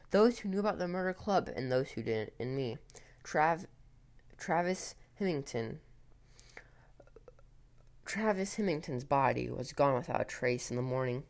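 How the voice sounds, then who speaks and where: A man telling a first-person horror story in a tense, hurried way with occasional restarts. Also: medium pitch, animated.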